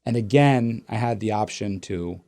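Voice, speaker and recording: A man with a warm, mellow voice tells a personal story in an easy, conversational way. He sounds reflective and sincere, speaking as a father and host. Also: on the low side, normal speed. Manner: reflective, recounting a parenting moment. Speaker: podcast host; father of two daughters.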